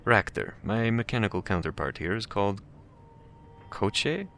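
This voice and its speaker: A man's voice: on the low side, lively intonation, measured pace, a bit bright, a little hiss or hum. A man putting on a cultured Russian gent. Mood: courteous. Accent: put-on Russian.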